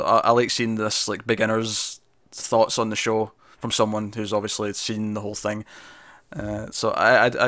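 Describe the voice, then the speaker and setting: A man's voice: lowish voice, a bit bright, no echo, studio quality. A Scottish man co-hosting a TV review show, chatting casually and rambling, laughing often.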